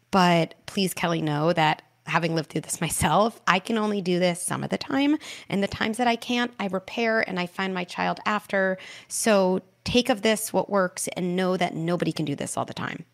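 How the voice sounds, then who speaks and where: A middle-aged woman, the host and parenting expert, calmly explaining advice on an advice podcast. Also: lowish voice, normal speed, vocal fry. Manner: calm, explanatory, reassuring.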